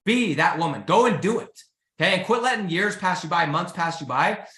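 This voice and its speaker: High-pitched and fairly quick, a man hosts a live business show with a roomy sound around him. It's a casual motivational live-stream talk, energetic and pleading, as he urges listeners to get started, often saying "guys" and "freaking."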